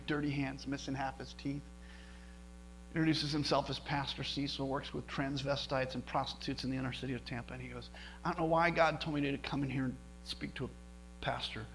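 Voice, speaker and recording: A middle-aged male pastor telling a personal story in a sermon, animated, with many restarts. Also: on the high side, a little hiss or hum, low-quality recording. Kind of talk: sermon testimony.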